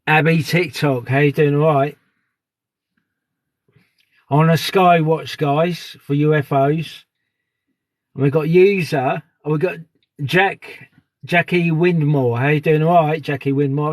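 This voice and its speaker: A man's voice: a little high, unhurried, long pauses, no room sound. A man live streaming outdoors at dusk on a phone, chatting casually and greeting viewers by name. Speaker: live streamer on a sky watch.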